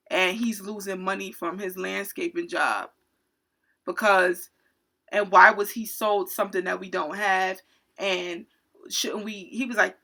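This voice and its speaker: A woman with a bright, forceful voice tells a story from her cashier job as a storytime vlog rant. She sounds indignant and animated, pushing her points hard as she recounts the run-in. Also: medium pitch. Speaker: retail cashier.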